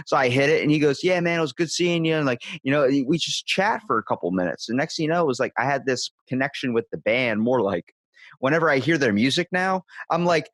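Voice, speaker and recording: A young man in his twenties tells stories in relaxed podcast chat, swearing freely and jumping into higher voices for the people he quotes. His voice sits at a middle pitch. The recording is dry and close, with no room sound. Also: quick pace, no room sound. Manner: animated, profane, acts out quotes in a higher voice. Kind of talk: casual storytelling chat.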